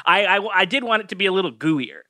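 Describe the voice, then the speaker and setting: A man with a high, bright voice giving offhand opinions in casual chat. He sounds loose and relaxed. The mic is dry and close. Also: fast talker, no room sound. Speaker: podcast guest.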